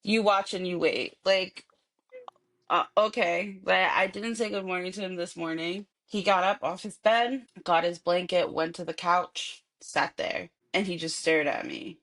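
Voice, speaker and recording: A young adult woman co-hosting a casual podcast, telling animated stories about her kid and swearing offhandedly. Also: lowish voice, a little slow. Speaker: podcast co-host. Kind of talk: casual chat.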